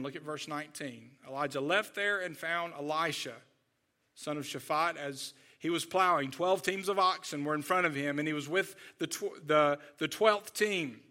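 A man's voice: fairly high pitch, sharp tone. A male pastor preaching a sermon in an earnest, conversational way, often checking in with "right?" and "okay?".

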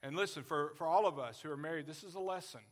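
A man's voice: a little high, fast. A man in his forties preaching a sermon as pastor, earnest and folksy, joking with his congregation. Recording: long hall reverb.

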